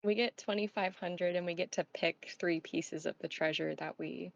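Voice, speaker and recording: A woman's voice: on the low side, fairly even intonation, moderate pace, gravelly, dry recording, muffled recording. A woman playing a tabletop game, speaking directly and bargaining. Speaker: player. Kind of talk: casual chat.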